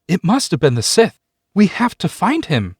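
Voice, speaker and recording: A man's voice: high-pitched, huge pitch swings, moderate pace, a little mellow, slightly rough, dry recording, studio quality, pitched above the performer's own voice, exaggerated voice. A man voicing an eager, earnest eighteen-year-old girl in training as a Jedi, speaking in a raised, breathless and pleading way. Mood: urgent, eager. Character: eager young woman Jedi student, earnest.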